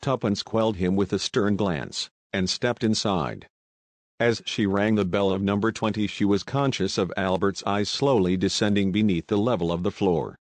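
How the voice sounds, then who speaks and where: A man reading an audiobook in a steady, even scripted narration. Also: lowish voice, moderate pace, no echo.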